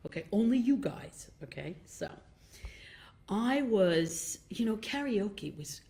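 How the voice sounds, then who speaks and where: A woman's voice: mid-range voice, sing-song, slow, mellow. A woman singer guesting on a comedy podcast, chatting in a bubbly, gushing way and giggling often. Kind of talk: casual chat. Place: basement studio.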